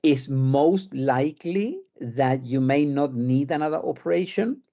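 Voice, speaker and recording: Halting surgeon with South American-British accent. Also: male voice, mid-range voice, vocal fry, mellow, muffled recording. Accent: South American mixed with British. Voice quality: halting, repeats words while searching. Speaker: cardiac surgeon guest. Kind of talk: live Q&A interview.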